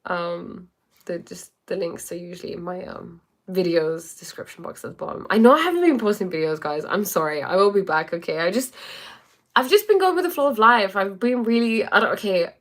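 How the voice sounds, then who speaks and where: Rambling lower-voiced woman on a livestream. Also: animated, brisk. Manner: rambling, filler-heavy, reads viewer comments aloud. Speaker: life coach. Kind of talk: casual livestream chat.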